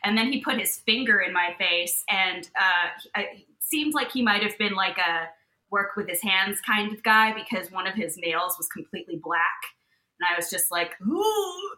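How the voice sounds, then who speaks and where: A woman co-hosting a podcast, telling a story in a casual, animated way and acting out the people in it. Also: mid-range voice, moderate pace, echoey room, poor audio. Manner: animated, acts out voices in her stories. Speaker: podcast co-host.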